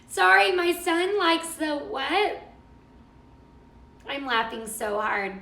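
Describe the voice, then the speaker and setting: A middle-aged woman chats her way through a live cooking stream, gushing and answering viewer comments. Her voice sits high and bright, with a gravelly edge of fry. The sound is roomy and echoey. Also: expressive, slow pace, pauses often. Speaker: cooking show host.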